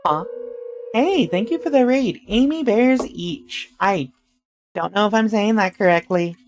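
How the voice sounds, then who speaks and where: A woman's voice: medium pitch, lively intonation, normal speed. Woman streamer, slightly scratchy, eager and rambling, game music under her voice. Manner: chatty, rambling, greets chat eagerly. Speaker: VTuber streamer. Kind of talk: casual live-stream chat while playing.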